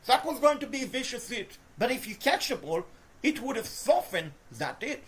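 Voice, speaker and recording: A woman commentating her own video game play, swinging between frustrated groans and shouted cheers, talking to the players and to her viewers. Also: fairly high pitch, sing-song, normal speed. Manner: talks to the players and to viewers as folks. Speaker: gaming video host. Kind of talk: live gameplay commentary.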